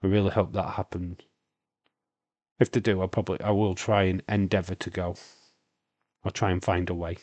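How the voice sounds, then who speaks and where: Yorkshire bloke rambling thru a livestream, kinda low voice, lots of uhs. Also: male voice, flat delivery, moderate pace, long pauses, darkish tone, dry recording. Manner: rambling, chatty, answers chat aloud with frequent fillers. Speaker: host of a wrestling watch-along stream. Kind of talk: casual live-stream commentary, reading chat questions.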